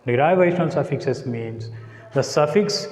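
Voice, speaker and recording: A male teacher giving a lecture to a class, speaking slowly and deliberately, repeating words and spelling out letters one by one. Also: medium pitch, expressive, a little mellow. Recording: echoey classroom, long reverb.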